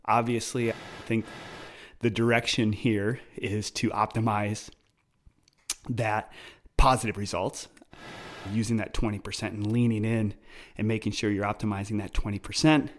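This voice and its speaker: A man with a slightly low voice hosts a solo podcast in a relaxed, conversational way. He explains ideas at an easy pace and often drifts into personal anecdotes. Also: normal speed, long pauses. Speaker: podcast host. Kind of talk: casual solo podcast talk.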